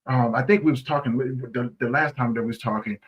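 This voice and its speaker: Husky-voiced man talking earnestly. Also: medium pitch, fairly quick, muffled recording. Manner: earnest, repeats "right?" often, restarts phrases. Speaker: guest. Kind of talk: conversational interview.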